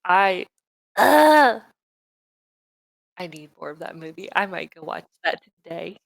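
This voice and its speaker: A woman co-hosting a casual podcast, chatting in an animated, excitable way and swearing freely. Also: on the low side, takes it slowly, vocal fry, no echo, low-quality recording. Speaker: podcast co-host. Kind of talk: casual chat. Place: home, live-streamed podcast.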